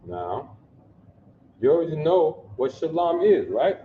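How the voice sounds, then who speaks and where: A man's voice: fairly high pitch, big pitch swings, slight background noise. A man teaching a language lesson, explaining word by word, repeating himself and often checking that listeners follow. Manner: slow, repetitive, checks understanding often. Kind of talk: classroom lesson. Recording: dull lo-fi audio in an echoey room.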